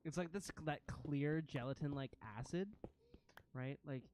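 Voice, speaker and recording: A man's voice: on the high side, a little slow, a crowd in the background. A man narrating a tabletop role-playing game as game master, giving vivid, gross descriptions and chuckling often.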